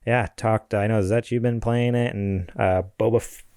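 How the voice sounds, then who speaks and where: A man co-hosting a casual gaming podcast, reading sponsor shout-outs and listener mail. He laughs easily and rambles, with fillers and self-corrections. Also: on the low side, steady tone, normal speed, smooth, no room sound, studio quality.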